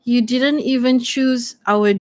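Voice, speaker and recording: A woman's voice: on the high side, fairly even intonation, slow, no echo. A woman voicing a furious, grieving young woman who accuses her lover of choosing status and wealth over her. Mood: bitter. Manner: accusing, bitter.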